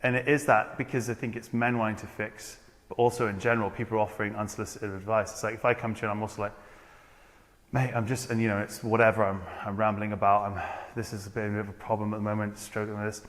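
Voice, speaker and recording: A man's voice: on the low side, little pitch movement, quick pace, fairly bright tone, in a large hall. A man in a casual podcast conversation, earnest and rambling, often restarting his sentences.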